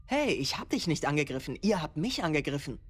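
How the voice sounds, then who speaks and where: A voice actor playing an impatient video game character who talks quickly and dismissively. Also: mid-range voice, sing-song, husky, no room sound. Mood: defensive.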